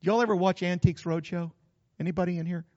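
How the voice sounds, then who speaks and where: A man's voice: high-pitched, fairly even intonation, fast talker, a little mellow, in a large hall, muffled recording. An older man, preaching a sermon as pastor in an emphatic, repetitive, folksy way. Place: church.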